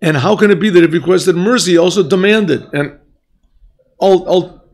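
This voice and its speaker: A rabbi teaching a class, asking questions, mixing in Hebrew phrases and often clearing his throat. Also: sits high, normal speed, darkish tone. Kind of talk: yeshiva class lecture. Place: yeshiva classroom.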